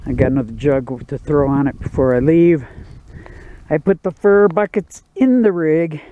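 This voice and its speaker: At a backcountry campsite, a man vlogs casually to the camera, rambling easily and using lots of fillers. His slightly high voice moves at normal speed, with phone-quality sound and a little background noise.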